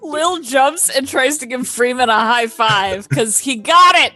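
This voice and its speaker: A woman playing a tabletop game, giggly and excitable. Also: sits high, a little slow, no echo, faint music behind. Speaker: player. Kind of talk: casual tabletop game play.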